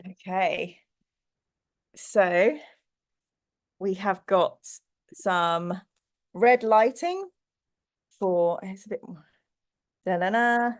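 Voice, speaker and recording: A woman hosting a book livestream with a stuffy nose, chatting casually and laughing easily, then reading a bedtime story in a soft, cozy voice. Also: medium pitch, very slow, pauses often. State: stuffy nose from hay fever. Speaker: book channel host.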